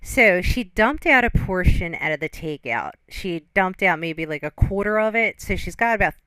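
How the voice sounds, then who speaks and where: A woman's voice: fairly low pitch, expressive, moderate pace, fairly bright tone, smooth, no echo. A woman hosting a reaction video, giving teasing running commentary as she watches.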